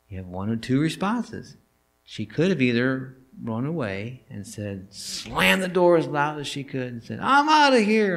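A male pastor preaching a sermon in a church, telling the story in an animated way and asking the listeners questions. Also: medium pitch, creaky. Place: church sanctuary.

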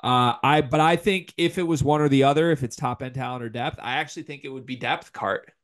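A young man co-hosting a casual sports talk show, animated and opinionated as he ranks players, with the hiccups. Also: medium pitch. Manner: animated, opinionated, quick rankings. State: has the hiccups. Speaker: podcast co-host.

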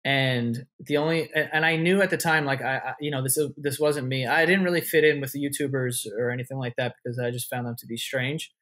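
A man's voice: medium pitch, steady tone, brisk, hardly any pauses, fairly bright tone. A man, telling stories as a podcast guest in a loose, rambling way full of swearing and restarts. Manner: loose, swearing often, many likes and restarts. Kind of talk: casual interview storytelling.

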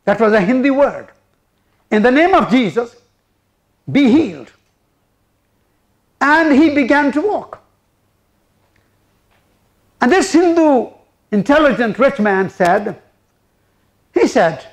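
A man's voice: extremely high pitch, animated, takes it slowly, long pauses. A man preaching a sermon, retelling a testimony and acting out the people in it. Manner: retells a story, acting out the speakers in it.

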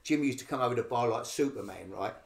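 A man's voice: medium pitch, fast, gravelly, roomy sound, slight background noise. An older man with a Cockney accent, a podcast guest telling rambling stories and acting out what people said. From England. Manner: rambling anecdotes with acted quotes. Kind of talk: casual storytelling.

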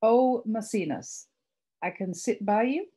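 A woman's voice: medium pitch, expressive, measured pace, warm tone, slightly rough. A woman doing a nervous, pleading young man. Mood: flustered. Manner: hesitant, pleading. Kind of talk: reading her novel aloud.

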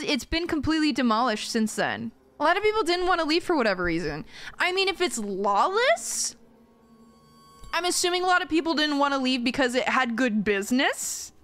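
A woman's voice: sits high, a bit bright. A young woman streaming a horror game, jumpy and foul-mouthed, who often breaks into shrieking laughter. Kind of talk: live horror gameplay commentary.

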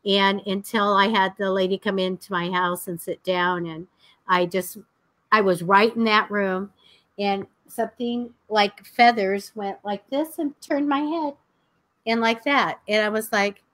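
A woman's voice: medium pitch, a little slow, no echo. Chatty, laughing woman psychic. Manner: chatty and animated, laughs often, blunt. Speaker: psychic co-host. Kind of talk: casual live-stream chat.

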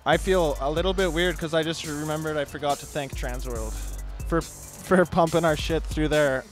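A young man, speaking in a notably high voice. He introduces his friends with goofy, deadpan jokes in a loose, casual acceptance speech. Faint music plays behind him at an awards-night bar. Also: normal speed. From Canada.

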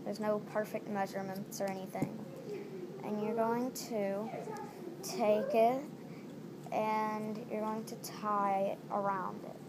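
A woman's voice: medium pitch, little pitch movement, slow pace. A woman talking casually through a step-by-step craft tutorial at home, repeating each step as she goes. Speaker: DIY tutorial maker. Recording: noisy home recording.

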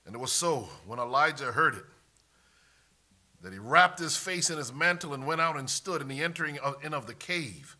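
A man preaches an emphatic sermon in a fairly high, animated voice at normal speed. He swings from loud declarations to hushed asides and reads scripture in old-fashioned wording.

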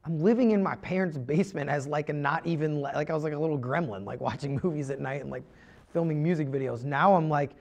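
Young adult male podcast guest; candid, rambling confessional delivery, slightly higher pitch. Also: fast talker, gravelly, a little mellow, dull audio. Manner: rambling, heavy use of "like" and restarts; earnest, confessional.

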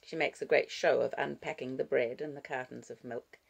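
This is an audiobook reader, a woman working from a script. Her voice is gravelly and low, and she narrates in a measured yet expressive way.

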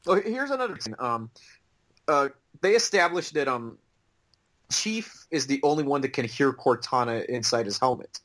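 A man's voice: medium pitch, lively intonation, moderate pace, fairly bright tone. A man co-hosting a casual podcast, talking hesitantly with ums and restarts. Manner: hesitant, many ums and restarts, laughs easily. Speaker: podcast co-host. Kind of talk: casual chat.

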